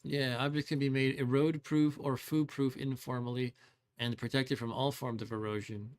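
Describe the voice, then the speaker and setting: Guy doing game commentary, average voice, thinks out loud, second-guesses stuff, dry little gripes. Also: mid-range voice, flat delivery, normal speed. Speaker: host. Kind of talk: let's play commentary.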